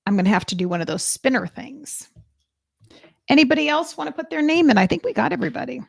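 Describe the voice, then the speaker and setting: A woman hosting a live stream as a psychic reader, chatting casually and excitedly with her viewers. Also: high voice, fast talker, creaky, husky, no echo, studio quality.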